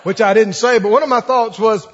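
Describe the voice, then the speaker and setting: A man from Mississippi, preaching a folksy, animated sermon with laughing asides. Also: sits high, fairly quick. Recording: dull lo-fi sound in a long-echo hall.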